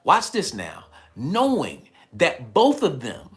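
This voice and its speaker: A man hosting a livestream, telling a story to his chat in a casual, animated way and repeating phrases as he builds it. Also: on the high side, slow pace. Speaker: livestream host.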